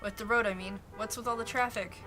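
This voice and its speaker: A woman's voice: a little high, steady tone, fast, sharp tone, slight background noise. Woman reading as a flustered young man. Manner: flustered, apologetic. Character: wary young man caught off guard.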